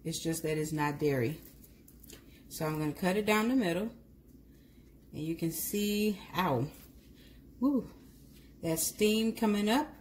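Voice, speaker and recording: Woman, casual cooking vlog, lowish pitch, chatty and self-correcting, faint kitchen noise. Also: a little slow, pauses often, a little mellow. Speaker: cooking vlogger.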